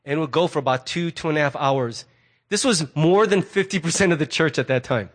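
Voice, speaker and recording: A middle-aged man preaching a sermon as a pastor, conversational and animated, acting out quoted remarks as asides. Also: on the high side, a little fast.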